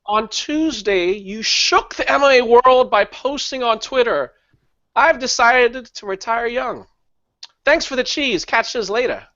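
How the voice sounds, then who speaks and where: A woman's voice: on the high side, animated, measured pace, fairly bright tone, no echo, highs cut off. A woman hosting a comic segment on a podcast, reading a scripted intro and questioning the guests in a mock-serious way. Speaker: segment host.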